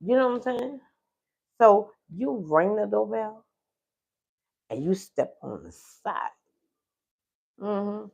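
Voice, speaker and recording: A woman's voice: medium pitch, lively intonation, slow, gravelly, long pauses, a little mellow, highs cut off. A woman host telling a story on a livestream in a casual, chatty way, often asking "you know what I'm saying".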